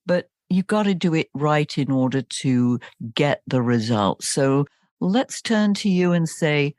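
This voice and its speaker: A woman's voice: low voice, expressive, a little slow, darkish tone, dry recording, studio quality. A woman hosting a podcast interview, enthusiastic and polished. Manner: enthusiastic, scripted-sounding intro. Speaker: podcast host.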